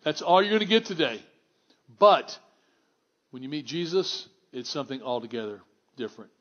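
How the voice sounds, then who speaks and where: A man preaching a sermon to a congregation in a church, conversational and wry, swinging from hushed to exclamatory. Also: fairly high pitch, big pitch swings, moderate pace, dull audio. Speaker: pastor.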